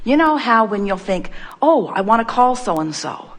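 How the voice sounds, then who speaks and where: A woman's voice: a little high, big pitch swings, moderate pace. A woman giving an inspirational seminar talk, emphatic and playful, repeating her questions to the audience. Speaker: inspirational speaker.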